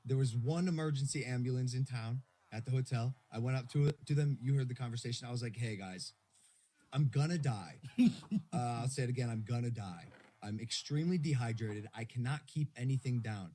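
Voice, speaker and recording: Husky young man telling a story. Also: mid-range voice, a little fast. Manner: animated storytelling, swears freely. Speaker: podcast host. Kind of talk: casual chat. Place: hotel room.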